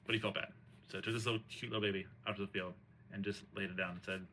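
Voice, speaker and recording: A man's voice: low-pitched, steady tone, racing, sharp tone, slight background noise. A man retelling an old tragedy in a casual, rambling way, full of slang, fillers and restarts. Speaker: host retelling a play. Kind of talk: casual storytelling chat.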